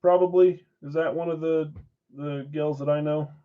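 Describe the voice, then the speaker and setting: A man hosting a live-stream card break, briskly calling out names and assignments with chatty asides in between. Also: fairly high pitch, fairly even intonation, narrow, tinny audio. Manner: brisk name-and-team roll call with chatty asides. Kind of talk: casual live-stream roll call.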